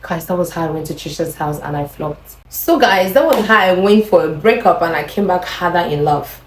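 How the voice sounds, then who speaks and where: Young Nigerian woman vlogger, lowish voice, echoey room, animated storytelling. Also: moderate pace, a little hiss or hum. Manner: animated, acts out quoted lines. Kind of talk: casual storytelling.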